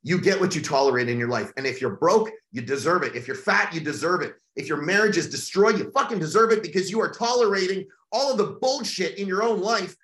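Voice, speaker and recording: A man's voice: high-pitched, fairly bright tone, echoey room. A man hosting a podcast, giving a blunt, profane, hectoring motivational monologue. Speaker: podcast host.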